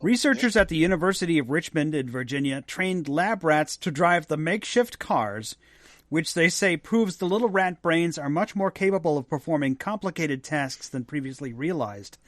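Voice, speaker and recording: A man's voice: on the high side, lively intonation, moderate pace, no echo, studio quality. A man co-hosting a podcast, reading offbeat news stories aloud in casual chat. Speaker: podcast co-host.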